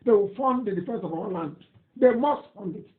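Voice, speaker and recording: On a live radio broadcast, a man with a Nigerian accent reads listener messages in an emphatic, indignant, repetitive way, his high voice animated and brisk. The audio sounds tinny and phone-like, in an echoey room.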